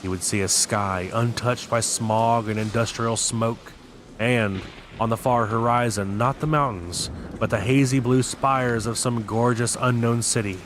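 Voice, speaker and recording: A man reading a novel aloud as host of his channel, in a steady, deliberate way with occasional slips. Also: medium pitch, slight background noise. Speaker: audiobook reader.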